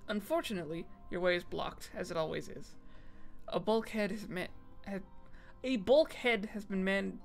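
Streamer voice, gravelly, reading game text aloud, trips over words, self-deprecating. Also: mid-range voice.

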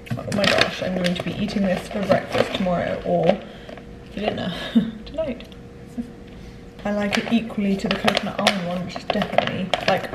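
A young woman, chatting enthusiastically in a casual vlog. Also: medium pitch. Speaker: vlogger. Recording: echoey room with clear background noise.

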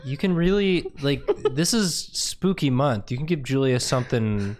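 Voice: mid-range voice, normal speed, a little mellow. A co-host of a live drawing stream, chatting in a teasing, encouraging way. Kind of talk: casual chat on a live stream.

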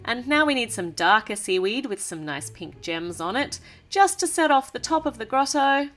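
Give me a chatty, cheerful woman narrating a toy build, with a bouncy voice that sits a little high. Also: sing-song, normal speed, fairly bright tone. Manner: chatty, cheerful, laughs often. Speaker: toy reviewer.

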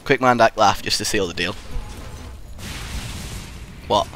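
A man's voice: on the low side, unhurried, fairly bright tone, slight background noise. A man commentating a game in casual banter, teasing and laughing a lot, with a frog in his throat. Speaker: gaming commentator.

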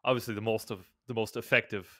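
A man co-hosting a podcast, telling stories hesitantly with many pauses and restarts. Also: on the low side, fairly even intonation, a bit bright, no room sound, clean studio sound. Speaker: podcast co-host, strength coach. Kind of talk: casual podcast chat.

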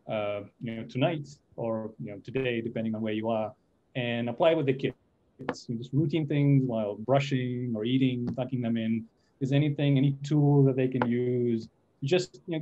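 A man hosting a panel, a father, who asks his questions hesitantly with many pauses and restarts. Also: mid-range voice, warm tone, highs cut off, slight background noise. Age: adult father. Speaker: panel host.

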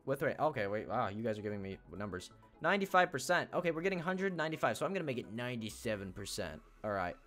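A man's voice: medium pitch, very animated, quick pace, hardly any pauses, fairly bright tone, soft background music. A teenage boy streaming a game, chatting casually with viewers and thinking aloud as he plays. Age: teens. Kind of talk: casual live-stream chat. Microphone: desk mic he must face toward.

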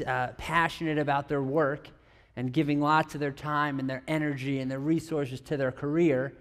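A man giving a conversational sermon in a high, light voice. He keeps turning to the audience with questions like "right?" and drops in playful, teasing asides, stumbling and restarting as he goes. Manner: chatty, asks the audience questions, many restarts. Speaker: pastor.

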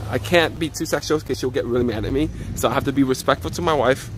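A man streaming live outdoors on a phone, chatting casually and joking loudly with viewers and family. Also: medium pitch, fast, slight background noise. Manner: joking, loud, excitable banter. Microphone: handheld phone.

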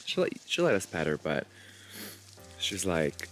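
A chatty man narrates his vlog outdoors in a pasture and talks straight into a handheld camera. His pitch swings widely and his delivery is animated, with frank asides and casual swearing. Soft music plays faintly under his voice. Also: measured pace. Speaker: vlogger. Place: outdoors in a ranch pasture at dawn. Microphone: handheld camera mic.

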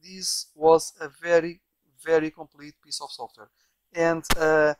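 Rambling man, slightly high voice. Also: flat delivery, measured pace, dry recording. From Portugal. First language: Portuguese. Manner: rambling, with many repeated words and restarts. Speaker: software developer. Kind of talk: casual software walkthrough. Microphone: bad microphone.

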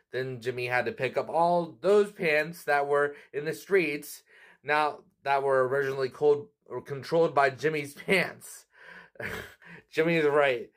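A man hosting a cartoon review channel, talking in a chatty, casual way with frequent laughs. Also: medium pitch. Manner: chatty, laughs often, quick asides.

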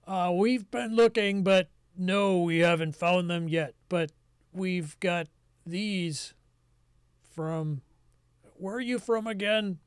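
A man's voice: sits high, slow, clear, resonant tone, dry recording, clean studio sound. A man voicing a flustered male underling reporting to his lord.

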